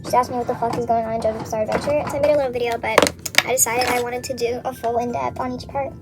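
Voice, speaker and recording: A woman's voice: on the high side, level tone, rapid-fire, very noisy. A young woman vlogger casually retelling a story from memory while getting ready, rambling, swearing a lot and saying "like" constantly.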